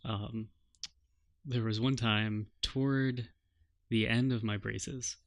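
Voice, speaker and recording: A young man co-hosting a casual podcast chat, swearing freely and getting animated as he tells stories. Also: lowish voice, slow pace, dry recording. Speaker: podcast co-host.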